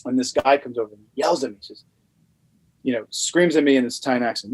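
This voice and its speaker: In a low-quality recording, a man from Louisiana talks at a quick pace with a medium-pitched voice. He's a podcast guest telling a rambling, lively anecdote loaded with fillers.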